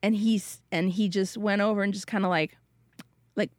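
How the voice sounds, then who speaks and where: A woman's voice: mid-range voice, steady tone, normal speed, a little mellow, no echo. A middle-aged woman, a mother of three, telling a rambling funny story in casual chat and laughing often.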